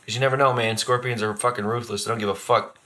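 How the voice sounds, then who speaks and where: A man hosting a podcast in casual chat, telling rambling, profane stories full of "dude" and "bro", and jumping up in pitch when he quotes someone. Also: fast talker, slight background noise. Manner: animated, jumps up in pitch for quoted voices. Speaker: podcast host.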